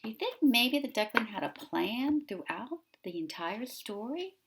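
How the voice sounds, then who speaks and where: A woman preschool teacher discussing a picture book with young children, asking them gentle questions. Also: a little high, big pitch swings, measured pace, gravelly, background noise.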